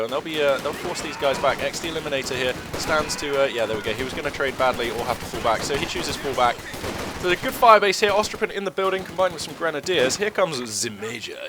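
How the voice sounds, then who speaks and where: A man's voice: medium pitch, background noise. A man with a cold, casually commentating a strategy game in a chatty, rambling way. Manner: chatty and rambling, many fillers. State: has a cold, voice a bit low. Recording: game gunfire and artillery behind.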